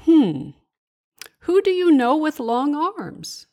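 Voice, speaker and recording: A woman's voice: high voice, big pitch swings, slow pace, pitched above the performer's own voice, full character voice. A woman voicing a friendly, helpful female cabbage moth in a storybook. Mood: chirpy. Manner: bright, chirpy, helpful. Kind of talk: storybook character voice.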